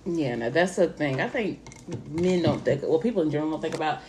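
Lively, low-voiced woman chatting candidly. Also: fairly quick, echoey room, a little hiss or hum. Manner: candid, emotional, lots of slang. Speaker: podcast co-host. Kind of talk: casual chat.

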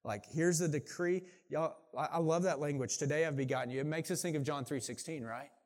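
A middle-aged pastor preaching a sermon in a conversational way, often saying "like" and restarting sentences. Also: male voice, fairly high pitch, brisk, darkish tone.

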